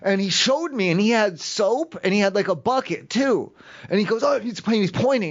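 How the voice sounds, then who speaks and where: A man rambles hesitantly through a story on a prank call, his voice pitched high. The sound is dull and lo-fi. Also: animated, moderate pace. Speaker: prank caller.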